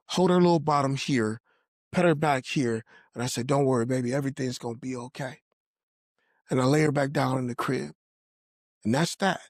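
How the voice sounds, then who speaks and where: Speaking in a medium-pitched voice, a podcast guest earnestly recounts his faith testimony, performing the voices of those he quotes. The audio is dry and studio-clean.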